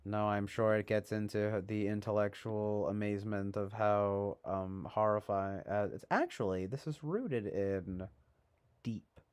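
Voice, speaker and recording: A man's voice: lowish voice, measured pace, darkish tone, smooth. A man hosting a casual livestream, rambling with lots of fillers and a sarcastic edge. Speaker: livestream host.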